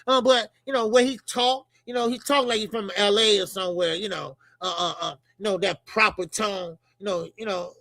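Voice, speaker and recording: A middle-aged man from Chicago hosts a boxing channel, riffing in loud, profane, laughing banter. His voice sits high and gravelly with a sharp, bright edge. The sound is dry and close. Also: steady tone, normal speed, hardly any pauses, no room sound. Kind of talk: casual commentary.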